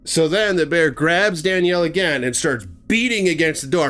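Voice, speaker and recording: A man's voice: on the high side, expressive, moderate pace, hardly any pauses, a bit bright. A man telling a gruesome story in a casual spoken way, acting out sound effects and swearing freely. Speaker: storyteller host.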